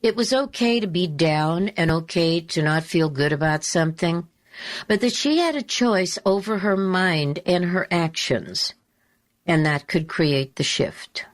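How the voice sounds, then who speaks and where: A woman talk show host telling a story in a slow, deliberate, emphatic way, repeating her key phrases. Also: fairly low pitch, animated. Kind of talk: storytelling monologue.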